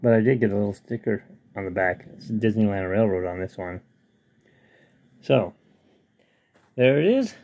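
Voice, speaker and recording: Tinkering in the model train room at home, a man talks through his hobby on webcam, rambling and muttering to himself. He sounds animated and warm, with a lowish voice, a moderate pace, and long pauses, while the recording cuts off the highs.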